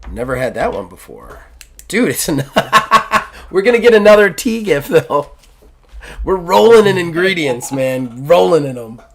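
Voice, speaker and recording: A man hosting a casual tabletop game and chatting lively with his fellow player, often laughing. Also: a little high, measured pace, creaky. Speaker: host and player.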